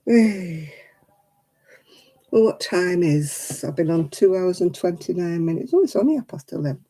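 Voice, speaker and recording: A woman's voice: lowish voice, expressive, brisk, warm tone, poor audio. A woman in her seventies chatting casually and rambling with chuckles while she hosts a crafting livestream. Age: 70s. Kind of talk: casual chat.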